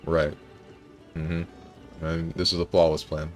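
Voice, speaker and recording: A man talks casually on his live stream in a somewhat low voice, working through his thoughts aloud and correcting himself as he goes. Faint music plays softly behind him. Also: monotone, slow pace. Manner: thinking aloud, musing and self-correcting.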